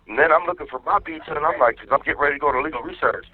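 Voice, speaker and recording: A man's voice: a little high, rapid-fire, slight background noise. Angry man on a tinny jail phone. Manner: angry, profane venting. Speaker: inmate on a jail phone call. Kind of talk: phone call to his wife. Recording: tinny jail phone line, faint music.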